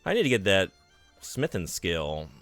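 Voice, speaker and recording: A man's voice: deep voice, very animated, unhurried, fairly bright tone, dry recording, soft background music. A man streaming a game, chatting casually with his viewers and poking fun at himself. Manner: chatty, self-deprecating, reads and answers chat. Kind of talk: casual live-stream chat while gaming.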